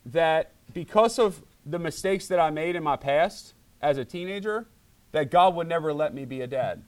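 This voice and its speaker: A middle-aged pastor preaches to his church in a slightly high voice at a moderate pace. He's animated, acting out voices whenever he quotes someone.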